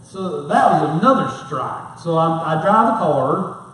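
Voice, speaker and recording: Folksy high-voiced middle-aged pastor in echoey hall. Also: male voice, lively intonation, measured pace, a bit bright. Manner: folksy, rambling, self-mocking humor. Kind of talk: storytelling sermon. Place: church sanctuary. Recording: very echoey hall, mic far off.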